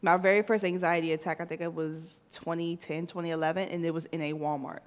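A woman in her thirties, co-hosting a podcast, telling a story in casual chat with lively acted-out quotes. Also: fairly low pitch, fast. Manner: animated, tells stories with acted-out quotes. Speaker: podcast co-host.

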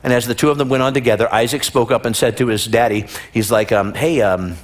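A man's voice: mid-range voice, flat delivery, fast. A middle-aged male pastor preaching a sermon in a church, reading scripture and acting out the story in playful voices.

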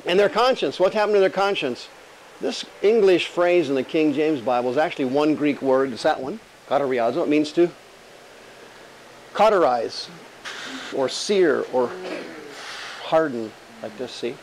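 A man preaching a conversational Bible-teaching sermon, firing rhetorical questions and slowing down to stress key words. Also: a little high, slight background noise, rough recording.

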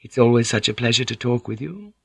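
A man's voice: mid-range voice, expressive, brisk, creaky, a bit bright, husky, no echo, heavily acted. A man voicing a polite, tactful young courtesan with a soothing, diplomatic manner.

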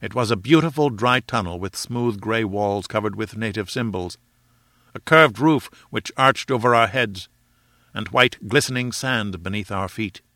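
A man reads an adventure novel aloud at a measured storytelling pace. His voice is bright and crisp. The recording is close and dry. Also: fairly low pitch, no echo. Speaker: audiobook reader. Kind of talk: scripted narration.

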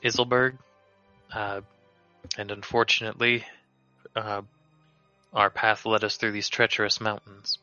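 Man with a very bright, smooth voice. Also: lowish voice, level tone, measured pace, long pauses, dry recording, faint music behind. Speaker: player. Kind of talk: casual tabletop game chat. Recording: dull lo-fi online call audio.

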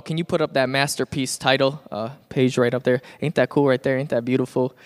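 A young man preaching a youth sermon in a church, telling stories in a playful, animated way with asides to the crowd. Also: medium pitch, a little fast. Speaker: youth pastor. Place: church sanctuary.

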